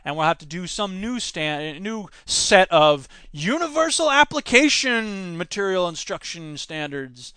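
A man's voice: high-pitched, big pitch swings, unhurried, hardly any pauses, bright, forceful tone, smooth, dry recording. A man in his thirties hosting a podcast, reading quotes aloud and reacting to them with emphatic, opinionated commentary on education. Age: 30s. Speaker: podcast host and teacher.

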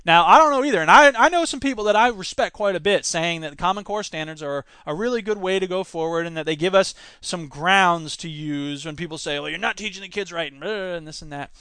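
A man's voice: high voice, a little fast, few pauses, bright, forceful tone, smooth, no echo. A man in his thirties hosting a podcast, reading quotes aloud and reacting to them with emphatic, opinionated commentary on education. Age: 30s. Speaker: podcast host and teacher.

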